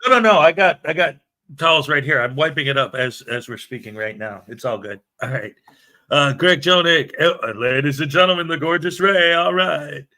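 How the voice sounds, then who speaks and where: A man's voice: a little high, moderate pace, sharp tone. A man hosting a casual morning livestream, chatty and jokey as he reads viewer comments aloud. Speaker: livestream show host.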